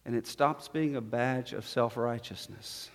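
A man preaching a sermon as pastor, swinging between quiet, low-spoken passages and emphatic, raised declarations. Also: unhurried. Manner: dynamic preaching, dropping to soft low tones and rising to emphatic. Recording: long reverb of a hall.

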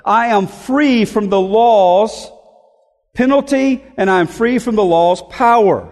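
A man's voice: high voice, slow, darkish tone, in a large hall. A man preaching a sermon, reading scripture verses aloud and explaining them phrase by phrase. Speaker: pastor.

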